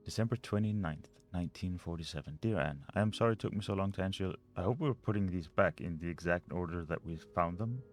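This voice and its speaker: A man's voice: low-pitched, fast talker, few pauses, faint music behind. A man playing a mystery video game, reading notes and letters aloud and muttering over the puzzles. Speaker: let's play gamer.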